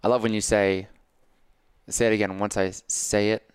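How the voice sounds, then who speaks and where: A man hosting a casual podcast chat, coaching and telling stories in an animated way, acting out his own self-talk. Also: on the low side, moderate pace, clear, resonant tone, no room sound, studio quality. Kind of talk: casual conversation.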